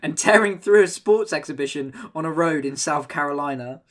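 A man's voice: a little high, brisk. A man co-hosting a podcast, joking and teasing his friends in casual banter. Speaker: podcast co-host.

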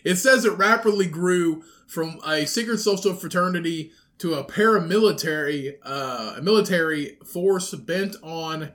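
A man's voice: on the high side, normal speed, few pauses, fairly bright tone. A young man co-hosting a podcast, swearing freely and restarting his sentences in casual chat. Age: young adult. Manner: swears a lot, stumbling restarts, laughs hard. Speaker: podcast co-host.

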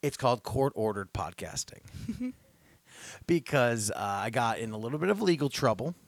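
A young man hosts a podcast in a loose, rambling way, tripping over his words and restarting sentences. He gets louder and more worked up as he retells a story. His voice sits at an ordinary middle pitch, and the sound is close and dry, with no room around it. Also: sing-song, normal speed, no echo. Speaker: podcast host. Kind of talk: casual podcast chat.

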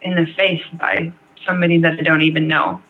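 A woman's voice: sits low, level tone, a little fast, slight background noise. A young adult woman telling her own story as an interview guest, frank and rambling, with lots of "like" and "um". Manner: rambling, frank, heavy use of "like" and "um". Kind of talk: candid personal story in an interview. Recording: tinny phone-like line.

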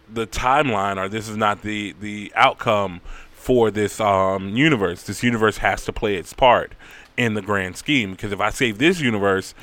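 Guy doing a cold all-seeing cosmic watcher, slow and detached, bright voice, dry sound. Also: fairly low pitch, no echo, lightly acted. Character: aloof all-seeing cosmic male narrator being.

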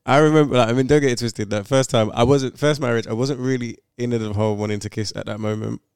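A man's voice: mid-range voice, steady tone, quick pace, darkish tone, clear, resonant tone, dry recording. Laid-back man, dry close sound. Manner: laid-back, slangy, lots of fillers. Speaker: podcast co-host. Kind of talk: casual chat.

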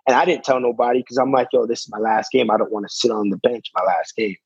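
Young male athlete guest, gravelly and husky, dry close sound, chatty storyteller full of fillers. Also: medium pitch, steady tone, fast talker, darkish tone, no echo, muffled recording. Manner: fills with "you know", acts out quotes. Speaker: guest, basketball player. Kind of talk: casual interview storytelling.

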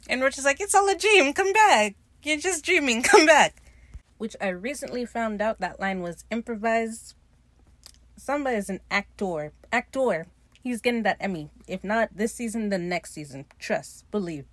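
A woman hosting a casual podcast, retelling a TV episode with quick mimicked quotes and chatty asides. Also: medium pitch, dry recording. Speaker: podcast host recapping a show. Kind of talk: casual chat.

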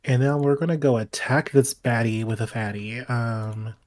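A man's voice: medium pitch, steady tone, moderate pace, a little mellow. A man playing a tabletop game, talking loosely with lots of fillers and swearing. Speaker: player. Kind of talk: casual tabletop play.

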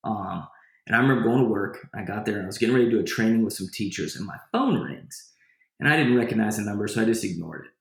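Gravelly low-voiced man telling a story. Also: fast. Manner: rambling, restarts often; lively retelling of a personal story. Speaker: guest. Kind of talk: casual storytelling. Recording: echoey room.

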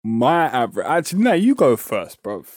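A man's voice: medium pitch, big pitch swings, moderate pace, no echo, studio quality. A young man with a London accent co-hosting a podcast in casual, slangy banter, swearing freely and laughing often. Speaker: podcast co-host.

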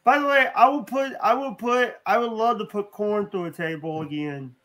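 A man's voice: high-pitched, moderate pace, fairly bright tone. A man in his twenties, a guest on a livestream, who stammers and rants heatedly. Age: 20s. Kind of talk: casual livestream banter.

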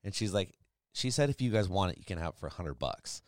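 A man's voice: low voice, quick pace, no echo, clean studio sound. A man in his forties hosting a casual chat, rambling and acting out quotes as he tells stories. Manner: rambling, animated storyteller who acts out quotes. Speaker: podcast host.

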